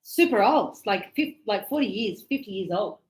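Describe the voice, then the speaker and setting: A woman with an Australian accent, speaking at normal speed in an animated, mid-range voice, explains English phrases chattily with acted-out examples during an online lesson. The room she records in is echoey.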